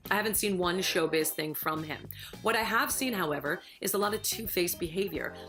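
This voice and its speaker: A woman's voice: fairly low pitch, fairly quick, bright, forceful tone, soft background music. A woman who used to be a housemate, giving sassy, emphatic, gossipy opinions about the people in the house. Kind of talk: recorded opinion piece to camera.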